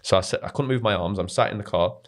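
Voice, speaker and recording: A young man rattles through a personal story at a quick clip. His voice sits on the low side, and his talk is loose and animated, with "mate" and the odd swear word thrown in. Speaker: podcast guest. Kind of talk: casual storytelling.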